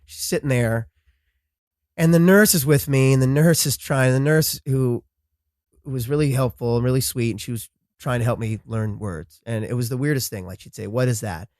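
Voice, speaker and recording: A man as a podcast guest talking casually, often halting and restarting his words. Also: medium pitch, darkish tone, no echo, studio quality. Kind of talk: casual conversation.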